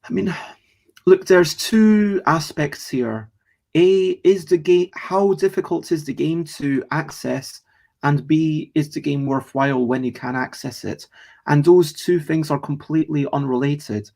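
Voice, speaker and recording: A man's voice: a little high, unhurried, vocal fry, a little mellow. A man hosting a casual live stream, rambling chattily about board games and greeting viewers in the chat as he goes. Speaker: streamer and host.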